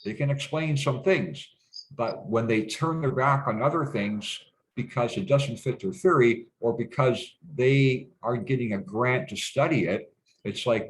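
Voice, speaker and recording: A man's voice: mid-range voice, measured pace, a little hiss or hum, poor audio. A man from Canada talking in a casual interview, rambling with many restarts and fillers and swearing bluntly. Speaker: guest.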